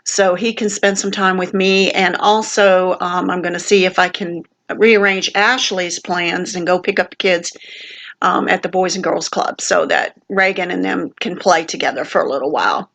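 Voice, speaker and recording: A woman's voice: lowish voice, steady tone, normal speed, a bit bright. An older woman, vlogging from a family home in a rambling, heartfelt way with many fillers, sick with a sinus infection. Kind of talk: casual rambling vlog.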